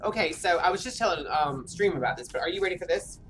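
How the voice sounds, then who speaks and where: A woman with a low, deep voice talks casually while she streams a game at home. She rambles and chats on, often filling gaps with "like", and faint noise hangs under her voice. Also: animated, fast talker. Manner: chatty, rambling, full of "like" fillers. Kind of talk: casual chat while gaming.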